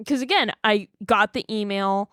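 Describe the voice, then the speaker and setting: A woman's voice: mid-range voice, moderate pace, no room sound, clean studio sound. A woman in her twenties co-hosting a podcast, retelling a story in casual chat, acting out quotes and saying "like" a lot. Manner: animated retelling, acts out quotes, many "like"s. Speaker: podcast co-host.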